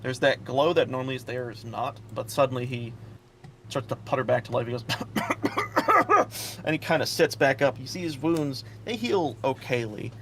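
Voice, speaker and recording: Gravelly man narrating a tabletop game. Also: mid-range voice, a little fast, noisy background. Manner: loose, chatty narration with many fillers. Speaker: dungeon master.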